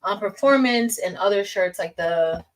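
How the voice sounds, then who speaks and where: A woman's voice: medium pitch, normal speed, recorded from a distance, low-quality recording. A woman teacher hosting a casual livestream, chatting with viewers, reading the chat aloud and calling them y'all.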